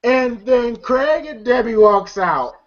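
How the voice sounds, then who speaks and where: A film reviewer giving a casual, animated recap of a movie scene, chuckling and using lots of filler phrases. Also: medium pitch, slow pace. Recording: dull lo-fi audio.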